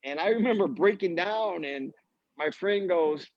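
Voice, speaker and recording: A man, a golf instructor, telling a story in an animated way on a live video call, acting out the other people's voices. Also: sits high, measured pace, no echo. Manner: acts out quoted voices, laughs mid-story. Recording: dull lo-fi live stream audio.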